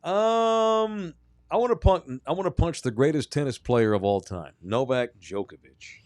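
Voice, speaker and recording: A man's voice: fairly high pitch, normal speed, darkish tone, no room sound. A man co-hosting a sports podcast, telling stories in a blunt, profane way. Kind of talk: casual sports chat.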